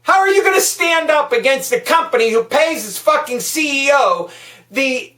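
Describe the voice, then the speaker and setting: A woman delivering an angry political rant, swearing constantly and shouting as she talks. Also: high-pitched, very animated, measured pace, distant mic. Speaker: political vlogger. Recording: echoey room, voice a bit off-mic.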